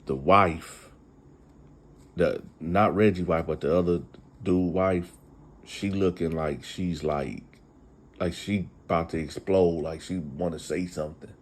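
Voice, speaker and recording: A man's voice: deep voice, fairly even intonation, unhurried. A man hosting a casual storytime retelling, chatty and talking straight to his listeners. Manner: chatty, addresses listeners directly. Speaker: storyteller host.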